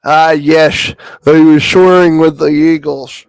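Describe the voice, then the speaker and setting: A man puts on a solemn old male storyteller who stretches every phrase out, loud and mock-grave. The voice sits fairly high and sounds dry and close. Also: steady tone, vocal fry, clear, resonant tone, no echo. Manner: slow, drawn-out, loud mock-solemn delivery.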